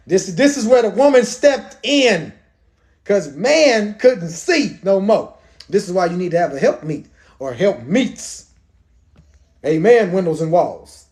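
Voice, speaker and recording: A male pastor reading scripture aloud and breaking in with lively, colloquial commentary. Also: high voice, unhurried, long pauses. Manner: lively, colloquial, playful asides.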